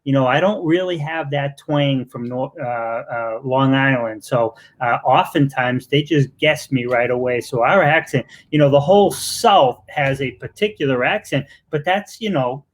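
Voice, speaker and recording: A man's voice: medium pitch, measured pace, hardly any pauses. A man with a Boston accent hosting a live-stream interview, effusive and joking, with lots of fillers. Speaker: interviewer and show host.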